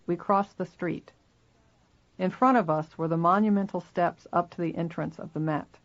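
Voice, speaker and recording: Gravelly memoir narrator, lo-fi. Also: medium pitch, fairly even intonation, moderate pace. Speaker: reader. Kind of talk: first-person memoir audiobook narration.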